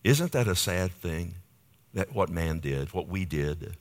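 Low-voiced preacher, emphatic. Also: male voice, expressive, measured pace. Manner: emphatic preaching, frequent "amen?" asides to the congregation. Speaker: pastor. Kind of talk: sermon. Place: church in Fort Worth.

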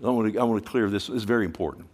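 A middle-aged male pastor preaching a sermon, asking the congregation questions and slowing down to stress scripture phrases. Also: on the low side, a little mellow.

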